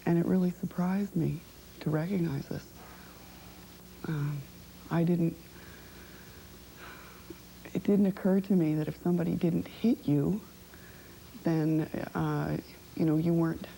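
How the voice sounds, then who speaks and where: A woman with a low voice, gravelly fry and a very dark, mellow tone. She gives personal testimony in an interview, halting and reflective, with pauses and fillers. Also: fairly even intonation, slight background noise, rough recording.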